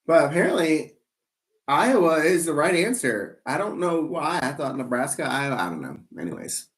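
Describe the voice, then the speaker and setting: A man's voice: a little high, sing-song, moderate pace. Chatty man hosting live trivia. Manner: playful, rambling, self-teasing asides. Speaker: trivia game host.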